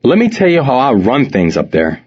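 Guy playing his teen self bragging, kinda unconvincing, a little husky. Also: medium pitch, huge pitch swings, normal speed, muffled recording. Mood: boastful. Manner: boastful, unconvincing. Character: boastful teenage boy faking toughness.

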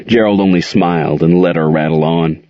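A man with a very deep voice reads a story aloud at a steady, even pace. The recording is dry with a slightly dull, lo-fi sound. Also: moderate pace, no echo. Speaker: narrator.

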